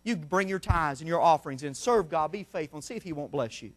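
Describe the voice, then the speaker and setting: A middle-aged man preaching a sermon in a church, telling folksy stories and swinging between shouts and hushed asides. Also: on the high side, expressive, fast talker. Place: church sanctuary.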